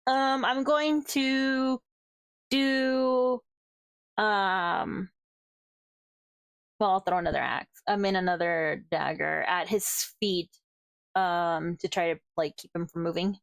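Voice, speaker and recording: Woman, tabletop player, hesitant, giggly, mid pitch, dry sound. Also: steady tone, takes it slowly, creaky, pauses often, no room sound. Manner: hesitant, giggly, lots of fillers. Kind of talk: casual tabletop play.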